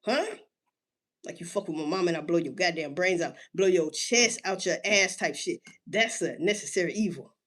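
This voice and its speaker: Here a woman delivers a casual solo rant in street slang, cursing without restraint. She keeps firing rhetorical questions, drawing out emphasized words and jumping sharply in pitch.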